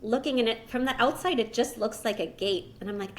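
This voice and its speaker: A woman's voice: fairly high pitch, brisk, hardly any pauses. A woman in her thirties, a podcast guest and language teacher, tells a personal story in a casual, chatty way, peppering her speech with "like" and "you know.".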